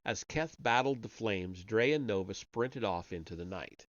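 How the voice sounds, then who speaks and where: A man's voice: fairly low pitch, animated, moderate pace, fairly bright tone, dry recording. A man reading a story aloud on a live stream, voicing the characters only lightly and sometimes stumbling and correcting himself. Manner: reads character dialogue with only light voicing, occasional slips and restarts. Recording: dull, lo-fi home mic.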